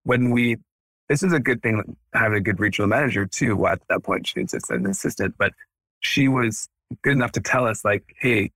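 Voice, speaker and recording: Podcast guest: energetic dentist in his 30s, bright forceful voice, dry close sound. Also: lowish voice, brisk, no echo. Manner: energetic, animated, acts out quotes. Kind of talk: casual podcast interview.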